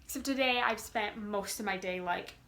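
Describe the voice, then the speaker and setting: A woman's voice: mid-range voice, moderate pace, pushed and bright. A young woman in her twenties chatting to camera, bubbly and giddy, with lots of fillers and restarts. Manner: bubbly, gushing, many fillers. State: giddy with excitement. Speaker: vlogger. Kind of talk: casual chat to camera.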